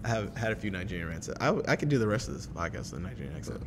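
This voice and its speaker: A man guesting on a casual podcast, talking animatedly with lots of fillers and swearing, in a reverberant room with a faint rumble. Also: big pitch swings, rapid-fire. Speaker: guest photographer.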